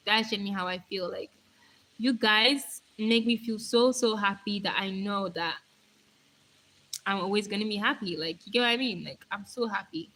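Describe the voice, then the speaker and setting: A young woman chatting casually on her live stream, rambling playfully and answering viewer comments, her voice going hoarse. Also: mid-range voice, pushed and bright, poor audio.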